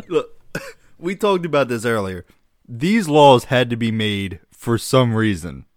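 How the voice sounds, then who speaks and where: A man's voice: medium pitch, animated, takes it slowly, no echo, studio quality. A man from Arkansas co-hosting a casual chat, joking and laughing often.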